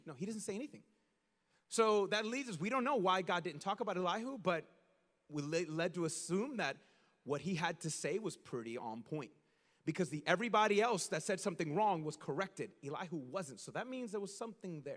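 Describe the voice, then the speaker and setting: A male pastor preaching a sermon in an animated, conversational way, full of casual slang and acted-out asides. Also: sits high, moderate pace, long reverb tail.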